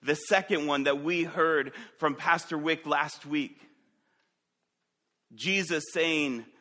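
A pastor preaches slowly and deliberately in a bright, forceful voice, repeatedly asking the congregation direct questions. His delivery is dynamic, surging to loud, emphatic passages before dropping to hushed, low ones.

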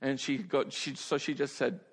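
A male pastor preaches in a large hall, and a long reverb trails after each phrase. His pitch sits in the middle range. He tells his stories with animated energy, often laughing and repeating words as he starts a sentence. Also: moderate pace, slight background noise. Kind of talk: sermon storytelling.

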